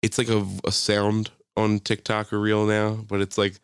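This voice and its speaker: A man's voice: fairly low pitch, monotone, normal speed, clean tone, no room sound, clean studio sound. A young man telling a story on a podcast in a casual, profane way, laughing often and acting out other people's voices. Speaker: podcast host.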